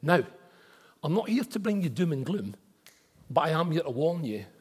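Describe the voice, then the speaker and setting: A man preaching a sermon as pastor, emphatic and building to forceful repeated declarations. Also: a little high, big pitch swings, normal speed, husky, big-room sound. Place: church auditorium.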